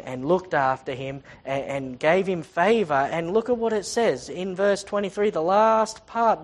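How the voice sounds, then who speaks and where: Emphatic preacher retelling scripture. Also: mid-range voice. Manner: emphatic, repeating phrases for stress; casual retelling of scripture in everyday words. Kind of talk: sermon with scripture reading.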